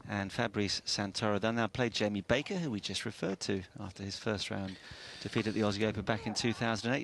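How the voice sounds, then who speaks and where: Man anchoring a tennis broadcast, mid-pitched, steady and informative, light outdoor hum behind. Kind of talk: live sports broadcast chat.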